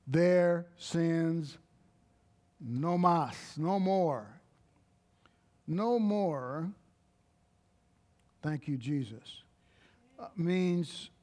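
A man preaching a sermon, slow and emphatic, breaking into short exclamations of praise. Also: on the high side, warm tone.

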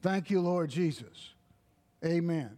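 A man preaching a sermon, slow and emphatic, breaking into short exclamations of praise. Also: a little high, mellow.

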